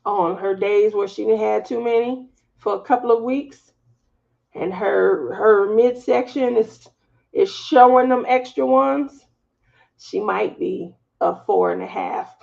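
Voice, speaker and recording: A woman with a Southern US accent hosts a craft live stream, chatting casually and laughing between storytelling asides. Her mid-range voice is slow and darkish with vocal fry, and the lo-fi audio sounds slightly dull.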